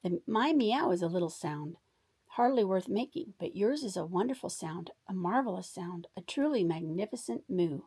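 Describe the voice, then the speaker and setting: A woman voicing a kind young male cat in a storybook read-aloud, speaking gently and admiringly. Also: medium pitch, animated, moderate pace, breathy edge.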